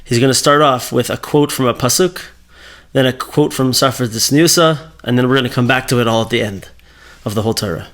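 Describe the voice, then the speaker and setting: A man's voice: medium pitch, a little fast, fairly bright tone. Man, Torah teacher, mid-range voice, casual conversational lesson delivery. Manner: conversational, thinking aloud with fillers and self-corrections.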